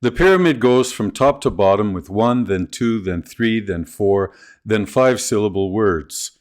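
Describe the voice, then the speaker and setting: A man narrating a scripted video on teaching pronunciation, speaking in a clear, deliberate, instructional way. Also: on the low side. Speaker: ESL teacher trainer.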